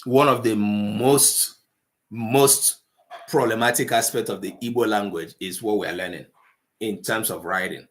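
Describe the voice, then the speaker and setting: A man teaching a live online language class, slowly sounding out syllables in high and low tones. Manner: slow, deliberate teaching, mixing English and Igbo.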